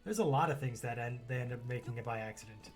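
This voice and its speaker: A man streaming a video game, chatting casually and swearing as he rants and yells at what happens on screen. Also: medium pitch, quick pace, faint music behind. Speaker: gaming streamer.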